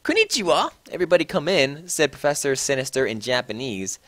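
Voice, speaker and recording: A man's voice: mid-range voice, expressive, fast talker, no room sound. A man giving a mocking, exaggerated comedic reading of fan fiction, swearing freely. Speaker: reader.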